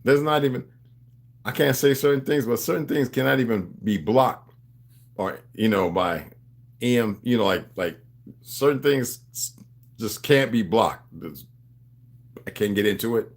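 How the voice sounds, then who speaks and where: A man's voice: medium pitch, a little slow, gravelly, pauses often. A man rambles through a casual livestream monologue with an ordinary mid-range voice. He preaches to his audience in street slang and keeps calling them beloved. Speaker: livestream host.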